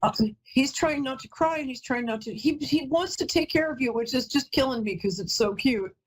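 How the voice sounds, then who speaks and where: Breathy and pitched high, the woman moves at a moderate pace while hosting a live psychic call-in show. Emotional and talkative, she keeps breaking off mid-sentence with apologies, all captured on a low-quality recording.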